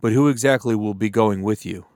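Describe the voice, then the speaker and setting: A man's voice: fairly low pitch, brisk, darkish tone, no echo, clean studio sound, lightly acted. A man voicing Pharaoh, a stubborn king. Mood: commanding.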